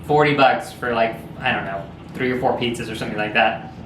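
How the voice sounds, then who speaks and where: A man's voice: medium pitch, a little fast, fairly bright tone, reverberant, slight background noise, pitched below the performer's own voice, lightly acted. A man doing a laid-back teen pizza guy. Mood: matter-of-fact. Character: casual teenage pizza delivery guy.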